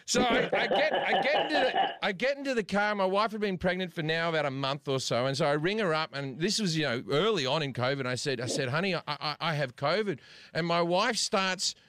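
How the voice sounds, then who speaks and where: An Australian man with a fairly high voice tells a story on a podcast, getting animated and laughing as he goes. He restarts his sentences often. The sound is close and dry. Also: a little fast, no echo. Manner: animated, laughing, repeats words. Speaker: podcast host. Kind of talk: casual storytelling.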